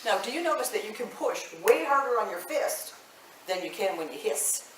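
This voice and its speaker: A woman's voice: medium pitch, sing-song, moderate pace. A woman voice teacher leading a live singing workshop, chatting to the group and checking in with "okay?" after each point. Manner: chatty, ends phrases with "okay?". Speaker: voice teacher and choir director. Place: large echoey room with a live group. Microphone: room mic at a distance. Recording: roomy, distant, faint hiss.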